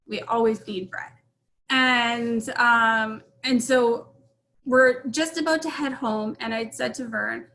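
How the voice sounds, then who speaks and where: A middle-aged woman speaking as an interview guest, her voice set a little high and bright. She tells a personal story frankly and rambles, circling back with fillers and restarts. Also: steady tone, takes it slowly, low-quality recording.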